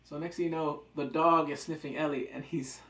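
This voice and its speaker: A man's voice: fairly high pitch, fairly even intonation, fairly quick, a bit bright. A man reviewing a TV episode in a casual, rambling, jokey recap chat. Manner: rambling, jokey, acts out quotes. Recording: roomy echo.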